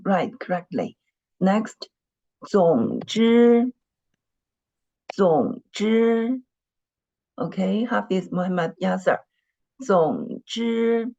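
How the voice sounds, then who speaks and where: A woman leads an online dictation lesson, speaking patiently, repeating words and often clearing her throat. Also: fairly low pitch, a little mellow, dull audio. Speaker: Mandarin teacher.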